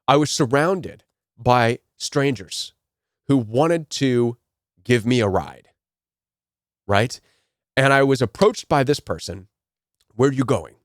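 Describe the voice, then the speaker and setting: A man's voice: medium pitch, animated, takes it slowly, long pauses, no room sound, studio quality. Earnest man telling a cautionary story. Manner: earnest, repeats key phrases, frequent "right?". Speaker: self-help speaker. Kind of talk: storytelling motivational talk.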